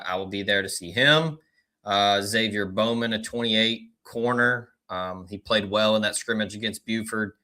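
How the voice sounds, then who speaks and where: Low-voiced guy with a bright edge, chill rambly sports podcast guest, lots of ums. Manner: relaxed, filler-heavy rambling. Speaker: recruiting analyst guest. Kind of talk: casual podcast chat.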